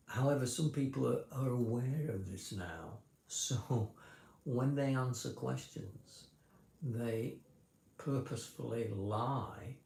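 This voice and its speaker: A man's voice: medium pitch, vocal fry, a little mellow, roomy sound. A man vlogger talking casually to a livestream in a rambling, explanatory way, often restarting his sentences. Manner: rambling, self-correcting, explanatory.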